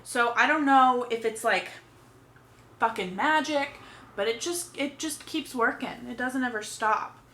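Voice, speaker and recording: Young woman, beauty vlogger, bright voice, casual chat, swears a lot, echoey room. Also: fairly high pitch, unhurried. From Texas. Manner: chatty, swears freely, rambling asides. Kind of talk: casual makeup chat to camera.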